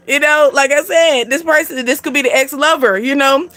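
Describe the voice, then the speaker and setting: A high-voiced woman, chatting loosely through an astrology reading. Her tone is bright and lively. She laughs a lot, calls her viewers "y'all" and swears offhand. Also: normal speed, hardly any pauses, no room sound. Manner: chatty, laughs often, sings and acts out snippets. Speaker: spiritual reader.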